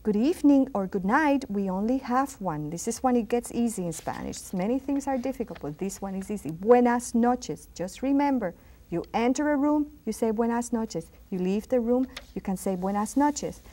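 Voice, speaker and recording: A patient woman teacher in middle age leads a school TV language lesson. She repeats each word slowly and stresses it clearly, like someone drilling a class. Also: a little high, expressive, warm tone.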